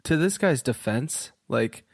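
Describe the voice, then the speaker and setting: A man's voice: mid-range voice, expressive, slow pace, gravelly, breathy edge, no echo, clean studio sound. Self-mocking, rambling man on a podcast. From Virginia, USA. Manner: rambling, self-mocking, swears casually, laughs often. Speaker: podcast co-host. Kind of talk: casual podcast chat.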